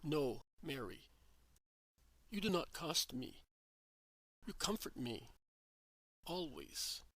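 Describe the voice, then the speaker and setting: A man voicing Joseph, a gentle, devoted middle-aged husband, speaking with calm, earnest reassurance in a devotional story reading. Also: fairly high pitch, takes it slowly, dry recording, full character voice, poor audio. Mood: tender.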